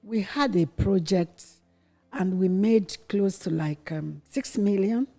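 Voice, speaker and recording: A woman's voice: mid-range voice, slow pace, mellow, soft background music. Middle-aged Nigerian woman telling her story. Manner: earnest, quotes her own past words with rising intensity. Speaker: interview guest, the host's mother. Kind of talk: candid personal storytelling.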